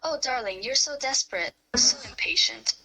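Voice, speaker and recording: Romance role-play read: woman as a commanding young lover, bright and high-pitched, soft teasing murmur. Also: animated, normal speed, soft background music, full character voice, low-quality recording. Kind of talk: first-person romance role-play reading.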